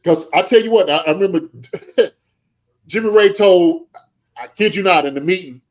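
A man's voice: high-pitched, moderate pace, poor audio. A man, a former pro football player and special teams coach, gives passionate podcast commentary from home. He lectures in an impassioned way and keeps asking "okay?".

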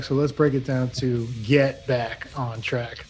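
A man's voice: medium pitch, steady tone, normal speed, soft background music. Laid-back joking male podcast co-host. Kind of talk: casual sports podcast chat.

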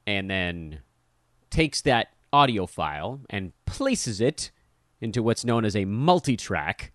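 A middle-aged man from Los Angeles hosting a casual solo podcast, telling stories in a self-deprecating, animated way. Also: low voice, unhurried, dry recording, studio quality. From Los Angeles, USA. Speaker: podcast host.

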